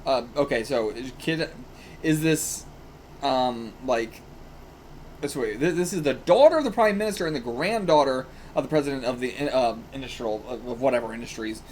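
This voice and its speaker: A man's voice: medium pitch, normal speed, a little mellow, a little hiss or hum. A man hosting a manga reaction, reading aloud casually and rambling, often swearing and laughing.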